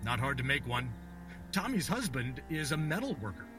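Brief: male actor as a mob-style villain, sneering and taunting, lively pitch swings, slightly off-mic, music underneath. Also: normal speed, far from the mic, background noise, lightly acted. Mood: mocking. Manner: sneering, mocking drawl. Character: scheming male crime boss, menacing and sneering. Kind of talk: audio drama acting.

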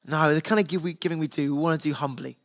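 A male pastor with a fairly high voice delivers a sermon in an earnest, conversational way. He talks to his congregation like he's chatting across a kitchen table. His stories come from his home life with his kids. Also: steady tone, fast talker. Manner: earnest, conversational preaching with family anecdotes.

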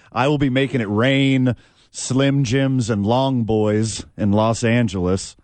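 A man's voice: medium pitch, fairly even intonation, slow pace, background noise. A man co-hosting a sports radio show with joking, playful banter. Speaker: radio co-host. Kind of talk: casual sports radio chat.

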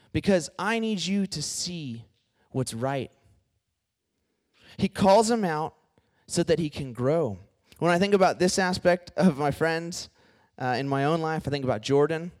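A young man giving a casual, conversational sermon to a student group, animated and talking straight to his listeners. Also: on the high side. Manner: conversational and animated, addresses the group as "y'all" and "guys". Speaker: campus ministry speaker.

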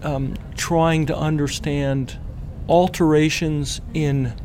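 A man, a cancer researcher, explaining his work in an interview, pausing and restarting phrases as he thinks. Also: fairly high pitch, little pitch movement, darkish tone, slight background noise. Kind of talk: interview answer.

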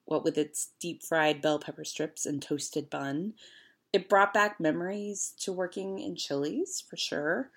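A woman in her late thirties from Houston, chatting casually as a podcast host in a wry, self-mocking way with plenty of ums and likes. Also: lowish voice. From Houston, United States. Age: late 30s. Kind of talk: casual chat.

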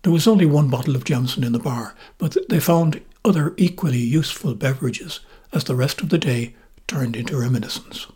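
A man with an Irish accent, hosting a podcast and narrating memoir stories in a measured, gently wry manner. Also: mid-range voice, slightly rough. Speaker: podcast host and storyteller.

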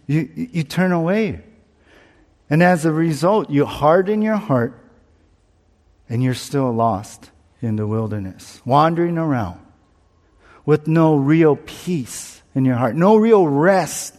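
A man's voice: fairly high pitch, darkish tone. A man preaching a sermon, telling a candid personal story with self-mocking humour and acting out his own panic. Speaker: pastor. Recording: long reverb, as in a large hall.

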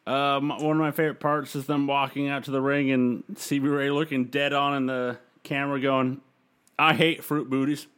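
A man's voice: mid-range voice, little pitch movement, moderate pace, few pauses, fairly bright tone, clean tone. A man casually recapping a wrestling show on a podcast, rambling with fillers. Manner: loose, rambling recap with fillers and quoted voices. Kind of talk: casual chat, play-by-play recap.

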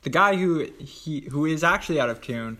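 A young man co-hosting a podcast, chatting about a film in a relaxed way and often agreeing with his co-host. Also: fairly high pitch, moderate pace. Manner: laid-back, lots of agreeing "yeah". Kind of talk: casual film discussion.

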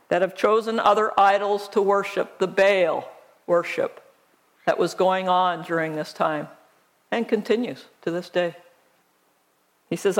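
Slow, deliberate woman preaching a sermon. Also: medium pitch, creaky. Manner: slow, deliberate preaching with emphatic scripture reading. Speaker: pastor.

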